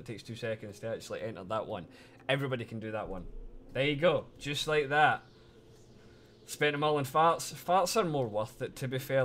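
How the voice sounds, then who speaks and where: A man chatting casually on a live stream, excitable and swearing freely, laughing often as he talks to his chat. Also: mid-range voice, a little hiss or hum.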